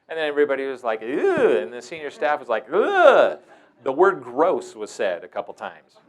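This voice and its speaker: A man hosting a talk, telling stories casually and wryly. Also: medium pitch. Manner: casual, wry, playfully acts out quoted voices. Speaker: host. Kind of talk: anecdotal storytelling talk.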